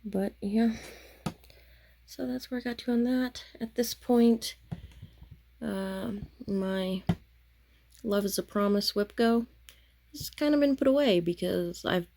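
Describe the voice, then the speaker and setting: A woman's voice: fairly high pitch, slow pace, gravelly, long pauses, warm tone, a little hiss or hum. A tired woman chatting casually to the camera late at night about her stitching, rambling and losing her words. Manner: rambling, self-interrupting, chatty. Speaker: craft vlogger.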